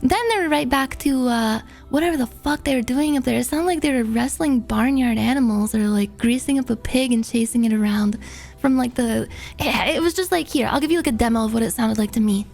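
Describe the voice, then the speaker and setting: A woman's voice: on the high side, brisk, creaky, a little mellow. A woman streamer in casual chat, rambling and laughing, with lots of "like" fillers. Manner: rambling and laughing, heavy use of "like".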